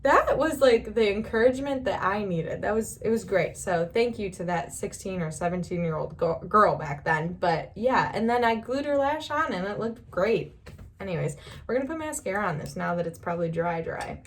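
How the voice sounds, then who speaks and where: A young woman talks through a beauty tutorial in a loose, rambling way, stopping now and then to laugh. Her pitch sits in the middle and she keeps telling her viewers not to worry. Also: expressive, normal speed. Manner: chatty, rambling, reassuring, laughs often. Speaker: beauty vlogger. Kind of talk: casual makeup tutorial.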